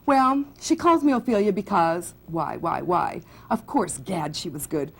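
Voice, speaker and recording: A woman reading aloud from a romance novel, voicing a haughty and quick-witted young countess. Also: fairly low pitch, animated, husky, full character voice.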